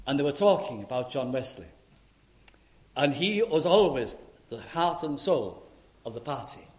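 A man preaching a sermon in a church, emphatic and dramatic, swinging between loud and soft. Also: a little high. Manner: emphatic, dramatic rises and drops in loudness.

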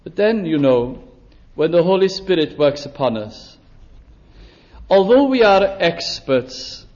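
A man with a high voice preaches a sermon in a chapel. He is deliberate and draws out key phrases for stress. The recording is muffled and lo-fi. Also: big pitch swings, a little mellow.

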